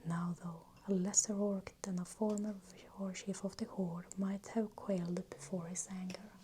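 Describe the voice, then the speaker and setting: Woman in soft whispered role-play reading. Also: mid-range voice, little pitch movement, moderate pace, a little hiss or hum. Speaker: ASMR reader. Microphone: new microphone, close.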